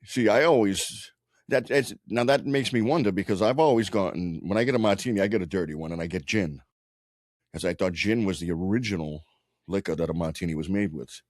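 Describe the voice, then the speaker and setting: A man co-hosting a podcast in loose, profane casual chat, often stopping and restarting his sentences. His voice sits on the low side, and the recording is close and dry. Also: dry recording. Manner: rambling, profane, halting restarts. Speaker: podcast co-host.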